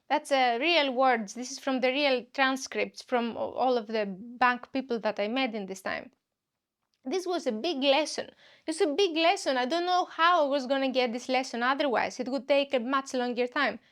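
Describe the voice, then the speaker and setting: A woman tells a comic story in a high voice. She hosts her own podcast and talks in an animated way, slipping into the voices of the people she met. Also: normal speed. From Greece. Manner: animated, acts out dialogues with other people. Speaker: podcast host and comedian. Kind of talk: comedic storytelling monologue.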